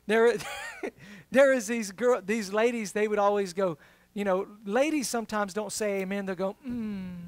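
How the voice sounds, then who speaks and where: A middle-aged man, a pastor, preaching a sermon, moving from humorous storytelling to emphatic preaching. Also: extremely high pitch.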